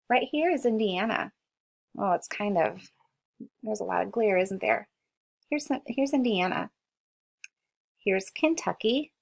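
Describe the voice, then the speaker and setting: A woman teacher reads a history lesson aloud to children, going slowly and patiently sounding out each word for young readers. Her voice is mid-range and gravelly, and the recording quality is low.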